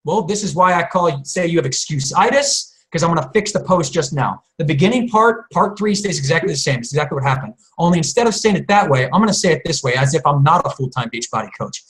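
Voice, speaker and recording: A man teaching on a conference call, energetic and playful, acting out example posts and quoted voices. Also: fairly high pitch, quick pace, hardly any pauses, rough recording. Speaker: business coach.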